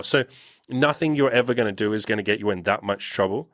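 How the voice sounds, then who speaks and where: A young man hosting a casual podcast conversation as a dating coach, talking bluntly with lots of swearing and animated acted-out quotes. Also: fairly low pitch, fast, dry recording, clean studio sound. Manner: blunt, profane, animated storytelling.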